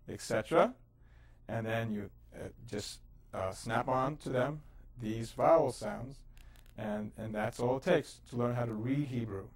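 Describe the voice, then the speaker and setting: In an educational lesson, a male host teaches the Hebrew alphabet, patiently sounding out syllables and explaining letters casually, with fillers. His voice is mid-range and measured in pace.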